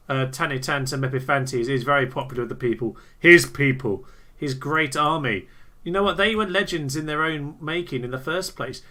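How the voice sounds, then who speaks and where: A man giving excitable, theatrical commentary on a strategy game he is playing, often laughing and cheering. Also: a little high. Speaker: let's play host. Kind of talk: gameplay commentary.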